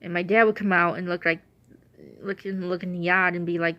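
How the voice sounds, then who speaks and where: A woman's voice: fairly low pitch, level tone, fast, a bit bright, no echo, lo-fi sound. A woman telling rambling, laughing stories in casual chat, with a runny nose and a cough. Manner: chatty, meandering, laughs often. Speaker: vlogger telling stories about her late dog.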